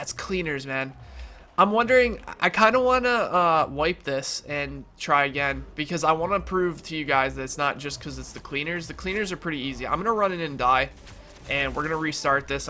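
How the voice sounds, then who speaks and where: A man's voice: a little high, fairly quick, pushed and bright, slight background noise. Nasal young man narrating his gameplay. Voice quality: nasal from allergies. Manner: chatty, filler-heavy, reassuring the viewers. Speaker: gaming YouTuber. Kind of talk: casual gameplay commentary.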